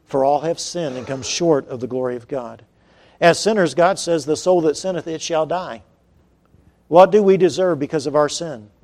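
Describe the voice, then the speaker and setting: A man preaching a sermon, telling a story with lively swings from quiet to shouted cries. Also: on the high side.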